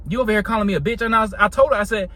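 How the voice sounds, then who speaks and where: Young male storyteller, casual and slangy, fairly high voice. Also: very fast, sharp tone. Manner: laid-back, slangy, laughs between lines.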